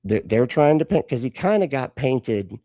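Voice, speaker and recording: A man hosts a live stream and mocks the clips he plays. His swearing commentary swings widely in pitch. The sound is dry and close, with no room around it. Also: big pitch swings, normal speed, warm tone, no room sound. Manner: sarcastic and profane, talks back at clips. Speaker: host of a live reaction stream.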